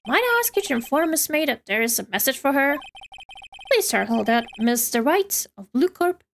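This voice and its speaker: A woman's voice: sits high, big pitch swings, moderate pace, creaky, slight background noise, full character voice. A woman voicing a polite young male hotel bellboy, reading game dialogue aloud in a formal, deferential way. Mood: courteous. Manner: formal, deferential, keeps saying sir.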